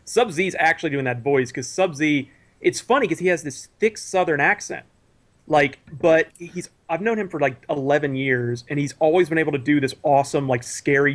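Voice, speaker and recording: A man joins a casual podcast chat over a video call. His voice sits a little higher than most men's, and he tells stories in a rambling, animated way, tripping over restarts as he goes. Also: moderate pace. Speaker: guest, cartoon creator.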